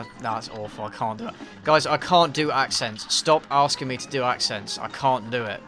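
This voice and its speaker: Bright-voiced English man, casual stream chat. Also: medium pitch, moderate pace, faint music behind. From England. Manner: dry, self-deprecating, offhand. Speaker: YouTube reviewer streaming a game. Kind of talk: casual live-stream chat answering viewers.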